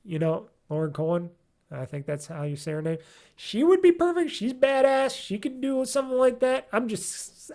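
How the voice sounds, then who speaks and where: A man's voice: high voice, gravelly, darkish tone. Rambling, cussing man hosting a podcast. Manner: rambling, profane, many ums while searching for names. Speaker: gaming podcast host. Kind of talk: casual solo podcast chat.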